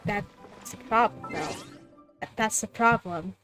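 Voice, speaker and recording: A female streamer with a light soprano voice chats casually and giggles while gaming live, often restarting her sentences. Her pitch is medium, her pace measured, and her tone fairly bright, with faint music in the background.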